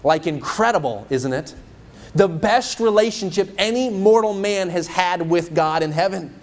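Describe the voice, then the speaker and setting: A man's voice: high voice, moderate pace. A male evangelist preaching a sermon in a church. He asks the congregation many rhetorical questions.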